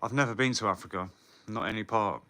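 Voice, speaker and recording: A man talks loosely to his viewers, answering their comments and swearing freely. His voice sits a little low but comes across bright and forceful. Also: fast. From England. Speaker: livestreamer. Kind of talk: casual live chat with viewers.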